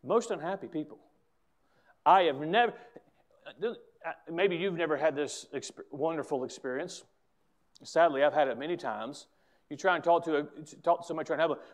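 Male pastor, higher-pitched, fervent preacher with loud emphatic swells and quick asides. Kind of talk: preaching a sermon.

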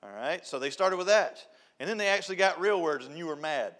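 A man's voice: fairly high pitch, lively intonation, fairly quick, a bit bright. An older man giving an informal church talk, folksy and storytelling, often repeating a refrain. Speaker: youth director.

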